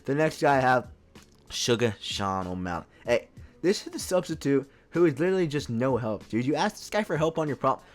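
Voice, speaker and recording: A young man in his twenties riffs casually through a comic ranking. His voice sits in a middle pitch and he peppers every line with dude. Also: expressive, fairly quick, faint music behind. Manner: casual, says dude constantly. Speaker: video host. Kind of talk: comedic tier-list commentary.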